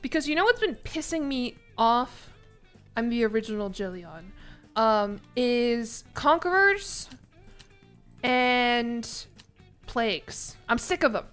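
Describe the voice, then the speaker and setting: A young woman with a slightly high voice talks casually to her stream chat from her apartment. She is chatty and laughs often, and she drops casual swears as she goes. Faint music plays behind her. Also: very animated, takes it slowly, fairly bright tone, smooth. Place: home apartment.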